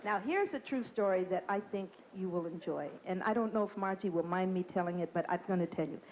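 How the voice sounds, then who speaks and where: A woman's voice: fairly low pitch, fairly quick, darkish tone, poor audio. A woman comedian telling stories as a talk show guest, chatty and theatrical, dropping into impressions. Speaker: comedian and singer. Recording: old 1980 TV broadcast with audience noise.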